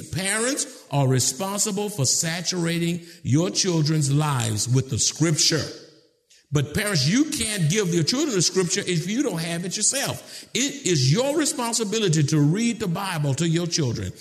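Man preaching a sermon with rising shouts. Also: moderate pace. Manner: preacherly, swings from low calm to shouted emphasis. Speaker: pastor.

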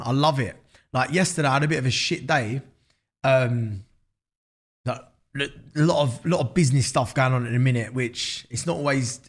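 Essex bloke in his thirties, podcast guest, lively and sweary, slightly higher voice, repeats himself. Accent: Essex English. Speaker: podcast guest, business founder. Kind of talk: casual interview chat.

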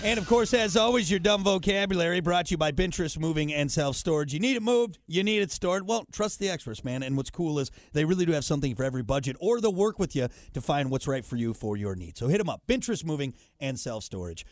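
Lively high-voiced radio host man. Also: quick pace, hardly any pauses, dry recording, clean studio sound. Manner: lively, jokey, reads sponsor ads. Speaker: morning show host. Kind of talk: casual radio banter.

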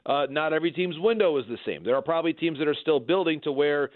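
A man giving measured baseball analysis in a conversational way, often restarting his sentences. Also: fairly high pitch, lively intonation, no room sound. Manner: measured, frequent restarts and repeated words. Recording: dry, phone-like line.

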